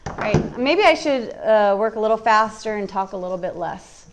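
A woman demonstrating furniture painting on a live stream, talking through each step in a relaxed, chatty way. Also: mid-range voice, normal speed. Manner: relaxed, chatty, thinking aloud. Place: warm indoor workshop.

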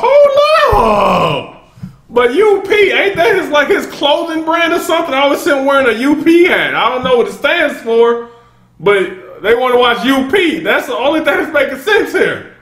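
A man giving excited, casual commentary while reacting to a rap song, often stopping to say "hold up.". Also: very high voice, echoey room. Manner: excitable, keeps interrupting with "hold up"; bursts into laughter and shouts. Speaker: music reaction host.

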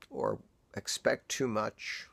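Older man, grieving father, gravelly voice, halting and emotional video-diary delivery. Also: on the low side, a bit bright, no echo. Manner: halting, reflective, pausing often. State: emotional, near tears.

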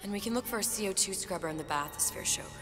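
An actress playing a clever young woman who speaks in a dry, wry, quick-witted way. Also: mid-range voice, music in the background, lightly acted.

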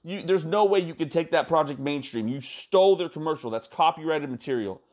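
A man talking fast and excitedly in a casual vlog, swearing a lot and calling his viewers "guys.". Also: a little high. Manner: excited, profane, repeats "guys". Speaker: crypto YouTuber.

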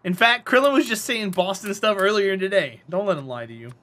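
A man's voice: high-pitched, lively intonation, brisk, fairly bright tone. A man with a North Carolina Southern accent, chatting and teasing viewers playfully while live-streaming a game. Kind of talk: live-streamed gameplay chat.

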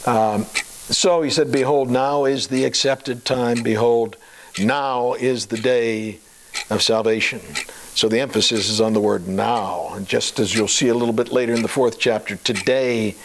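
A man preaching a sermon, chatty and full of fillers and rhetorical questions, slowing down to a deliberate cadence for scripture readings. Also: mid-range voice, steady tone, rough recording. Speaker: pastor.

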